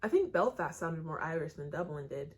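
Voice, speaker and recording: American woman, young adult, low-ish voice, chatty exclaiming reaction host. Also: lively intonation, brisk. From United States. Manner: chatty, exclaiming, asks questions aloud. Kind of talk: casual reaction commentary.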